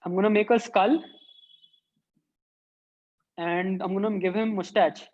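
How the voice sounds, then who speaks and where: A woman's voice: medium pitch, fairly even intonation, a little slow, darkish tone, muffled recording. A woman who teaches an online drawing workshop for children and thinks aloud as she sketches. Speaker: art teacher.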